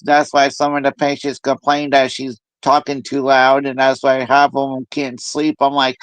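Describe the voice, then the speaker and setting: Animated man telling stories, smooth voice. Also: mid-range voice, moderate pace, hardly any pauses, dry recording. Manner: animated storyteller who mimics other people's voices. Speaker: host. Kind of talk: casual chat.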